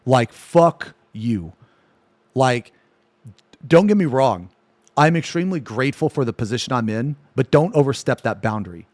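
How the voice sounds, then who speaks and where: A man's voice: mid-range voice, expressive, moderate pace, darkish tone, no room sound. A man streaming live who rants at his chat, swearing constantly, frustrated and annoyed, repeating "man" at the ends of lines. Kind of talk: angry rant to live chat.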